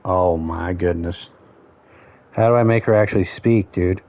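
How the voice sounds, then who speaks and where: A man's voice: low-pitched, measured pace. Rambling male streamer, lo-fi audio. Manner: rambling, thinking aloud, counting options under his breath. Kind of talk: casual gameplay commentary.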